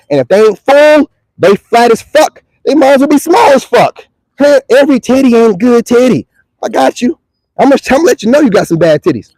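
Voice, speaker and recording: A high-pitched young man delivers a mocking, profane rant straight at the camera. The sound is dry and close, with no room echo. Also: darkish tone. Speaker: online video creator. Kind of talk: ranting monologue to camera.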